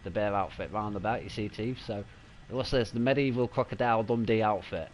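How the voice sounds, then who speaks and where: Man, game streamer, casual chatty commentary, excitable, faint background hum. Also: lowish voice, fast. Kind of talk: live gameplay commentary.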